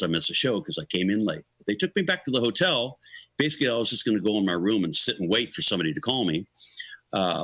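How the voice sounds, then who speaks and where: A man's voice: lowish voice, bright, forceful tone, breathy edge, no echo, rough recording. A middle-aged or older man, a guest musician, telling a long story in an interview, acting out the voices of the people he quotes and laughing often.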